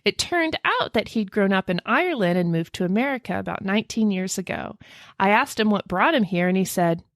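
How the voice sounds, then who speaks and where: A woman's voice: mid-range voice, brisk, dry recording, studio quality. A woman co-hosting a podcast, reading a listener's email aloud in casual chat and gasping and laughing as she tells it. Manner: animated storyteller, gasps and laughs often. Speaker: podcast co-host.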